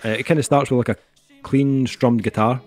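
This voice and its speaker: A man's voice: medium pitch, steady tone, a little fast, darkish tone, faint music behind. A middle-aged man co-hosting an album review, talking casually and rambling with lots of fillers. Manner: rambling, heavy on fillers like "um" and "kinda".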